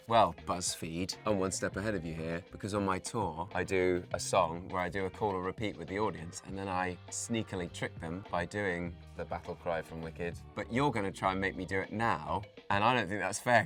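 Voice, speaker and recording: Low-voiced playful Englishman. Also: fairly quick, hardly any pauses, fairly bright tone, faint music behind. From England. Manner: playful and giggly. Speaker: actor and singer guest. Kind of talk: casual interview chat.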